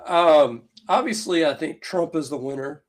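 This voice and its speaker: A man's voice: fairly high pitch, moderate pace. A man co-hosting a podcast in casual chat, rambling and full of fillers, with a Southern US accent. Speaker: podcast co-host.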